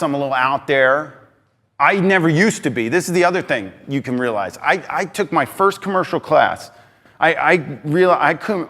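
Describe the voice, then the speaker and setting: A man giving an energetic talk on stage, emphatic and excitable, swinging between loud bursts and quieter asides. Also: fairly high pitch. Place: large hall on stage. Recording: reverberant hall.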